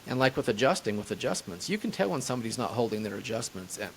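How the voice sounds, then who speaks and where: A man who works as a chiropractor, answering interview questions in a halting, casual way. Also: lowish voice, big pitch swings, slight background noise. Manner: hesitant, lots of fillers and restarts. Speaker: chiropractor guest.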